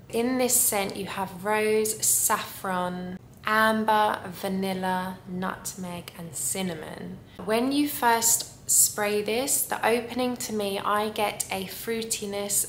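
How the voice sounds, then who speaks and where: A woman talks slowly and unhurriedly, drawing out her words as she raves about what she loves. Her voice rings in a noticeably echoey room with a faint rumble underneath. She gushes warmly and takes her time, like a fan sharing her favorites. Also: creaky. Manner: gushing, savoring descriptions. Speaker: perfume reviewer. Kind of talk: casual review vlog.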